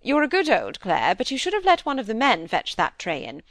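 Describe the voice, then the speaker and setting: Commanding elder aristocrat, read by a woman: brisk, authoritative, a touch higher than the narration. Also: wildly swooping pitch, fairly bright tone, no echo, clean studio sound.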